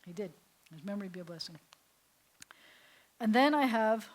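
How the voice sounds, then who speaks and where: A woman rabbi leads a calm class on prayer, her voice sitting at an ordinary middle pitch. She chants Hebrew phrases slowly and then explains each one gently, now and then dropping to a soft near-whisper. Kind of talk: adult education class on prayer.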